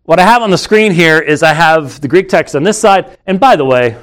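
Emphatic male webcast host, fairly high voice. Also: lively intonation, fairly quick, a bit bright. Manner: emphatic, argumentative, with frequent restarts. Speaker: webcast host and Bible teacher. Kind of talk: unscripted live commentary. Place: studio with screens and computer.

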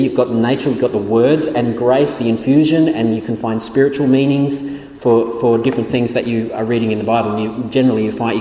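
A man's voice: medium pitch, dark tone. A man giving a theology lecture in an explanatory way, often restarting his sentences. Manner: explanatory, many restarts and fillers. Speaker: Bible teacher. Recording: echoey room with long reverb.

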